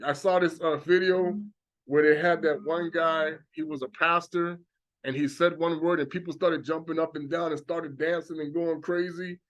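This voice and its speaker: Man, high-pitched, preaching monologue, animated, acts out exclamations. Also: normal speed, lo-fi sound. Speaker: religious teacher.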